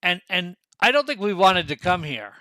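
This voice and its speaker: A man playing a tabletop game speaks in a wry, skeptical way. His voice is bright and a little high. The sound is dry and close. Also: very animated, normal speed, no room sound. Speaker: player. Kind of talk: tabletop game role-play.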